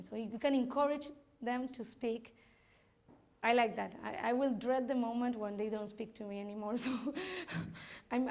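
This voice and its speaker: A woman's voice: on the high side, a little mellow. A woman from Argentina, speaking candidly to parents in a workshop, laughing often and restarting her sentences. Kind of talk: informal talk to parents.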